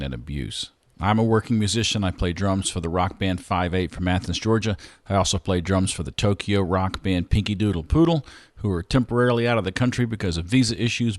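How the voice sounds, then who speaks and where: A man with a low voice and a Southern accent hosts a podcast. He reads his intro and sponsor spots in a relaxed, conversational way. The sound is dry and close, with no room around it. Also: no room sound. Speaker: podcast host.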